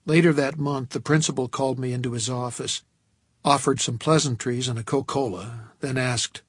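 Guy reading an audiobook, dry wry delivery, a bit breathy, mid pitch. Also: steady tone, no room sound. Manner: wry, measured storytelling. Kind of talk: audiobook narration.

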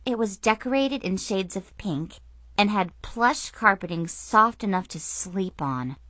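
Woman reading a kids story, slow and bright, super expressive. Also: medium pitch, no echo. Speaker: narrator. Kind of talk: audiobook narration.

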